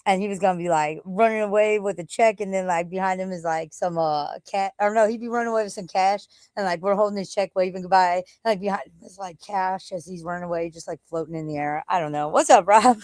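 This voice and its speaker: A woman's voice: medium pitch, fast, hardly any pauses, darkish tone, no echo. A middle-aged woman chatting casually on a livestream at home, rambling and swearing offhandedly. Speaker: livestream host. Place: at home, walking out to the backyard.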